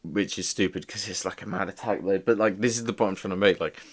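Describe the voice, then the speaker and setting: A man's voice: low-pitched, fast. A young man giving a casual, rambling video review, peppered with filler words. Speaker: toy reviewer.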